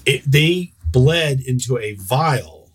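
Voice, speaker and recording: A man's voice: medium pitch, animated, takes it slowly, husky. Guy dming a tabletop game, um-ing and sort-of-like-ing, mid voice, bit far from the mic. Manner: rambling, full of hesitations and "sort of, like". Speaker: game master.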